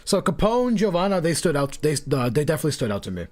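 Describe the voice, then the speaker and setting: A man's voice: on the high side, sing-song, quick pace, darkish tone. A man streaming a game story, chatting casually, rambling and breaking off mid-sentence. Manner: rambling, self-interrupting and laughing. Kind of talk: casual live-stream chat.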